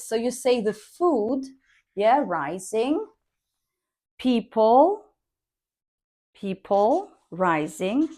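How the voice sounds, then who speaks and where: A woman teaching pronunciation in a slow, measured way, reading sentences out word by word as a dictation. Her voice sits a little high, and she models each tone carefully for her students. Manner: dictates slowly word by word, demonstrating intonation. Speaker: English speaking teacher.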